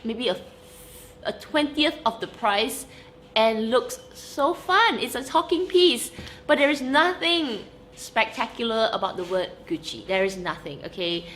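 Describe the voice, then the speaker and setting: A young woman with a fairly high voice chats animatedly to camera in a vlog at a measured pace, with a little hiss or hum present. Emphatic and laughing often, she stresses her points with "okay?".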